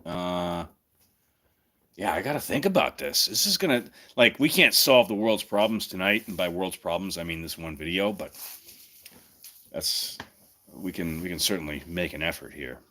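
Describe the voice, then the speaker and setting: This streamer's voice sits low and is expressive, bright, and forceful, moving at a moderate clip. He chats and cracks jokes casually on his stream, thinking aloud along the way.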